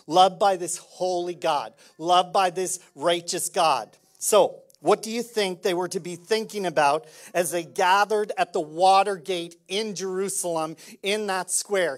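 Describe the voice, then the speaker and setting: A high-voiced man preaches a sermon as pastor, conversational and lively, swinging between loud emphasis and quiet intensity.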